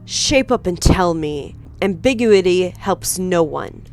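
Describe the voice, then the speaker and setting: A woman voicing a cold, menacing male killer who mocks his victims in a calm, condescending way. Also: on the low side. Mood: scornful. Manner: slow, taunting and condescending.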